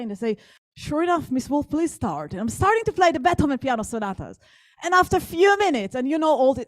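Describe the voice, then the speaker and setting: Higher-voiced woman telling a story. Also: no echo. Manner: engaged, asks the audience questions. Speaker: guest speaker. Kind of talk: storytelling talk to an audience.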